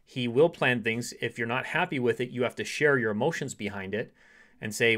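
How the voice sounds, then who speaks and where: A man in the middle pitch range coaching women on relationships. He talks straight to the listener in a steady monologue and now and then slips into softer acted-out example dialogues. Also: fairly quick. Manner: acts out short quoted dialogues in softer voice. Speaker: dating coach.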